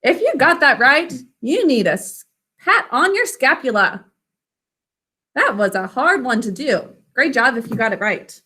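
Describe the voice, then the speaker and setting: A woman teaching an online spelling lesson to children over a video call, sounding out words slowly and giving frequent praise. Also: high voice, sing-song, pushed and bright, husky. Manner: slow, deliberate enunciation with praise.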